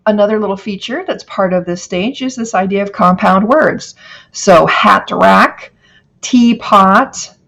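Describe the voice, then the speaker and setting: A middle-aged woman teacher giving a recorded phonics lecture, slowly stretching out example words. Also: mid-range voice, fairly bright tone.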